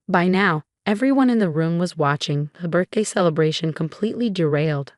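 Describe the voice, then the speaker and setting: A young adult woman narrating a dramatic first-person story in a steady, scripted way. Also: fairly low pitch, fairly quick, hardly any pauses, no echo, clean studio sound.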